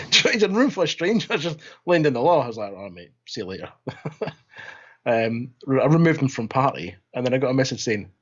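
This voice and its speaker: A man's voice: mid-range voice, animated, normal speed, a bit bright, slightly rough, dull audio. A man co-hosting a gaming podcast in casual chat, rambling, laughing and restarting his words. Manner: rambling, laughing, repeats words when starting. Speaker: podcast host.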